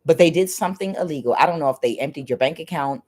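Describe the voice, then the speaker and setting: A woman's voice: low-pitched, quick pace, darkish tone, breathy edge. A woman doing a casual tarot reading, hesitant and full of filler sounds, often repeating herself. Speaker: tarot reader.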